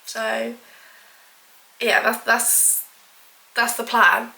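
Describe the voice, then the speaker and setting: Baking vlogger, woman, slightly high voice, talks in rambling asides, roomy kitchen sound. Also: steady tone, extremely slow, gravelly, pushed and bright, slight background noise. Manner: chatty, rambling, self-deprecating, full of "like". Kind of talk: casual chat to camera. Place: home kitchen.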